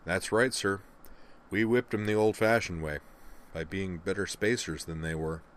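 A man's voice: low voice, normal speed, fairly bright tone. A man doing a wry young cadet captain. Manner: dry and understated.

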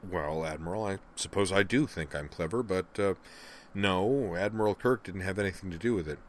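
A man voicing a relaxed, wry young cadet captain who talks in a dry, understated way, in a storybook reading. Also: deep voice, normal speed, slight background noise, natural voice.

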